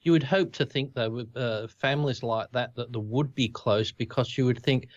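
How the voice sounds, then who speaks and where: A man's voice: medium pitch, normal speed, no echo. An Australian man co-hosting a casual talk show, telling anecdotes in a chatty way. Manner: chatty storyteller, laughs into his anecdotes. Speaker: podcast co-host. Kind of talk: casual chat. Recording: dull, dry lo-fi sound.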